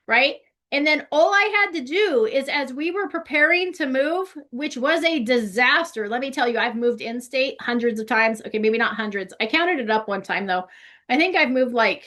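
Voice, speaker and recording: A woman's voice: high-pitched, normal speed, sharp tone. A woman giving a casual real estate training talk, chatty and conversational, often checking in with "right?". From California.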